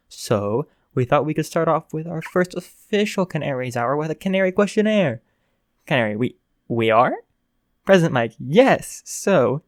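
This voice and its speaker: A man voicing a loud, teasing male radio host and teacher in a read-aloud fan story, talking in a brash, upbeat way. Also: a little high, dry recording, studio quality, close to an everyday voice.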